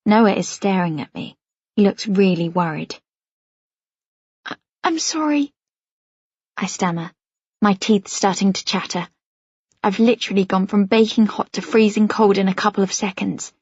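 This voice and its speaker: A woman narrates a first-person novel in an expressive, slightly anxious storytelling voice. Her pitch is mid-range, and the studio sound is dry and a little dull. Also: moderate pace, husky, no echo. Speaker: audiobook narrator.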